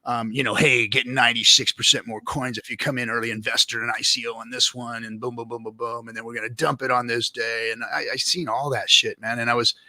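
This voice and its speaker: A man's voice: medium pitch, little pitch movement, fast, few pauses, pushed and bright, dry recording. A man guest telling his story in a casual, rambling and profane way, full of fillers and restarts.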